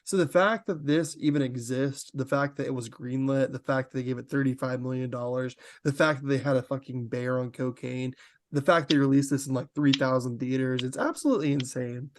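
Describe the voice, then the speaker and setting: A man co-hosting a podcast, talking in a rambling, animated way with lots of fillers. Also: mid-range voice, fairly quick, no room sound. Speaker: podcast co-host. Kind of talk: casual podcast chat.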